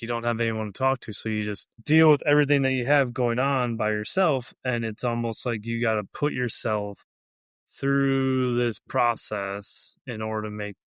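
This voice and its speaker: A man's voice: medium pitch, a bit bright, clean tone, no echo. A man co-hosting a podcast, speaking candidly in a thoughtful, reflective way. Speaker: podcast co-host. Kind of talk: candid casual conversation.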